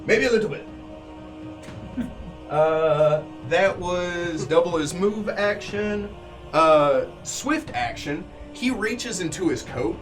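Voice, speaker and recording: Male game master, animated delivery, descriptive narration with fillers, over music. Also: sits high, takes it slowly. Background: background music.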